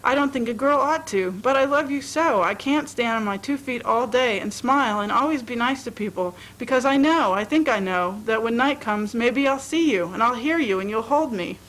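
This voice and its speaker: A woman's voice: fairly high pitch, animated, normal speed, hardly any pauses, a bit bright, low-quality recording. A woman reading aloud and voicing a tired, lovesick young woman who pleads emotionally.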